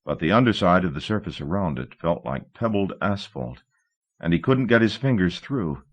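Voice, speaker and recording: A man narrating a novel in a measured, steady audiobook reading. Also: deep voice.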